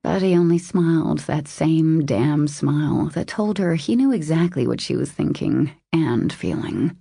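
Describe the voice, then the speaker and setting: A woman narrates a romance audiobook in a low, dark voice that is measured and intimate yet animated. Her tone carries gravelly fry and a husky, breathy grain, recorded dry and close with no room sound.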